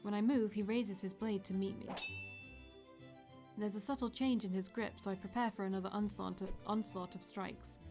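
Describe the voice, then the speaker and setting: A woman streamer reads a fantasy visual novel aloud in a steady first-person narration. Her voice sits at a middle pitch, and she drops in brief asides of her own. Faint game music plays underneath. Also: moderate pace. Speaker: let's play streamer.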